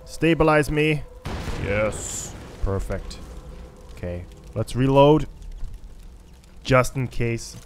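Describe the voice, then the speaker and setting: A man's voice: medium pitch, expressive, slow, long pauses, a little hiss or hum. A man giving let's play commentary on a stealth shooter game, frustrated and swearing at it, with chatty asides. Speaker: gaming YouTuber.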